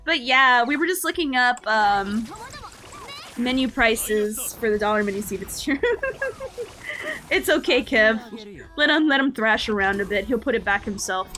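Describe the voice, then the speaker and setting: Bright-voiced ranting woman streamer. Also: fairly high pitch. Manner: ranting, animated, reads chat aloud; slangy, says "bruh" often. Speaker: VTuber streamer. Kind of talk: casual live-stream chat.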